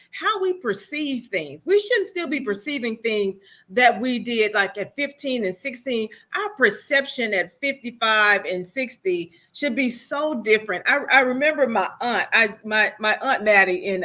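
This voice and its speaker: A woman transformation coach chatting as a guest, telling animated stories and repeating phrases for emphasis. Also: fairly high pitch, normal speed, hardly any pauses. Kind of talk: casual conversation.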